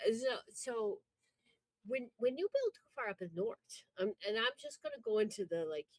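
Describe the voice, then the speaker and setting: A woman from Wisconsin with a Wisconsin accent, co-hosting a casual chat over a remote call and telling stories in an animated, swearing, laughing way. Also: on the high side, normal speed, dry recording, rough recording. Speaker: podcast co-host.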